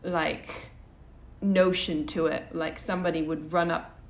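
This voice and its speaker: Woman podcast co-host, lower register, rambling storyteller full of fillers and restarts. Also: level tone, a little slow. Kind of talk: casual conversational storytelling.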